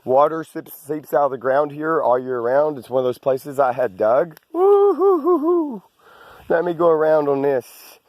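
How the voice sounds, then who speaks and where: A man films himself as he walks his rural land, slightly out of breath. He speaks in a mid-pitched voice, meandering through restarts and asides. The sound is close and dry. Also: normal speed, few pauses, darkish tone, no echo. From Arkansas. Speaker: landowner vlogger. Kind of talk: rambling outdoor walk-and-talk.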